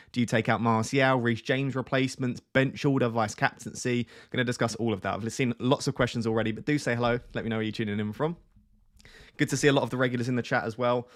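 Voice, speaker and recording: Chatty man hosting a live stream. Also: mid-range voice. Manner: chatty, greets viewers by name. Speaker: fantasy football streamer. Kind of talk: casual live stream chat. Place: small home room with green screen. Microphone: webcam close on face.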